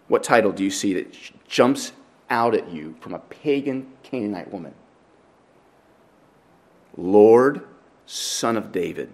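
Man preaching an expository sermon. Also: lowish voice. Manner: expository, animated when telling stories. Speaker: pastor.

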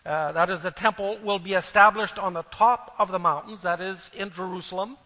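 Preacher, male, high-pitched and bright, earnest sermon delivery, long hall reverb. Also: a little fast, few pauses. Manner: earnest, swelling louder on key phrases. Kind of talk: sermon with scripture reading.

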